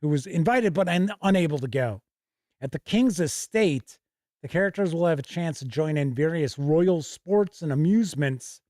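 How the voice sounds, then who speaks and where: A man's voice: fairly high pitch, animated, normal speed, a little mellow, no echo, studio quality. A middle-aged man hosting a casual livestream, reading passages aloud from old game books and correcting himself as he goes. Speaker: host.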